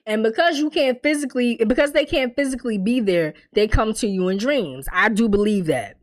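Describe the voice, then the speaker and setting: Lively, candid woman recapping a show. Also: a little high, fairly quick. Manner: animated storytelling, acts out characters' lines; candid, swears freely. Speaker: TV recap reviewer. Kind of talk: casual recap commentary.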